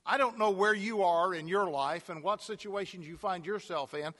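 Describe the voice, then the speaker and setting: A man's voice: sits high, normal speed, a bit bright. A man preaching a sermon, telling a personal story and building to emphatic repeated calls. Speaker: pastor. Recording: long hall reverb.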